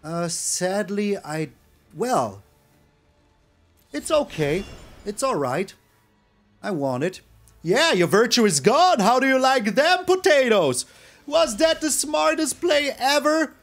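A man giving excitable, animated live commentary over his own card game, now and then breaking into loud shouts. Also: extremely high pitch, slow pace, long pauses, faint music behind. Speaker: gaming YouTuber.

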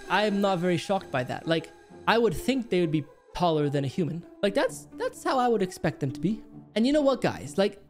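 Chatty young man reacting with lively pitch. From Canada. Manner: chatty, rambling, mock-shocked outbursts. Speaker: reaction video host. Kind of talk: casual reaction commentary.

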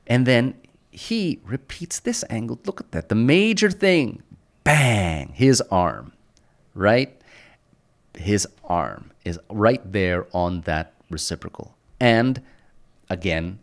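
A man teaching an art lesson over a screen recording, enthusiastic and repetitive, punctuating points with sound effects. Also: sits low. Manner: enthusiastic, repeats phrases, punchy sound effects. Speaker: art instructor.

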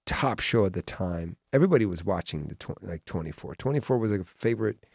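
A man hosting a podcast, telling a lively travel story in casual chat and acting out other people's voices. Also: sits low, fast, creaky, husky, dry recording. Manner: animated storyteller who acts out quoted voices. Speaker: podcast host.

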